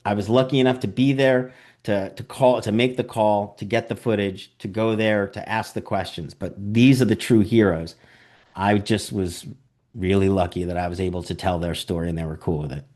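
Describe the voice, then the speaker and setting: A man's voice: lowish voice, moderate pace. Guy, documentary director in an interview, tells stories w lots of energy, acts out what people said, says "like" and "you know" a ton. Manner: animated storyteller, acts out quotes; frequent "like" and "you know" fillers. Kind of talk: interview conversation.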